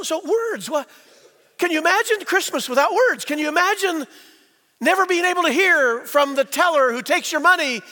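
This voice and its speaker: Man preaching in a church, very high voice, bright, reverberant sanctuary, rhetorical questions, hushed-to-loud delivery. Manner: rhetorical questions, slows for emphasis, swings between quiet and loud. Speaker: pastor. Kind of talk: sermon. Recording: long reverb in a church hall.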